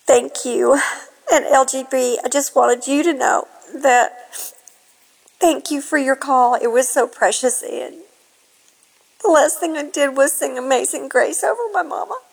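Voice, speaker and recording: A woman's voice: sits high, measured pace, gravelly, rough recording. Tearful woman caller from Kentucky. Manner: tearful and heartfelt, with many fillers. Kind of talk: emotional phoned-in message.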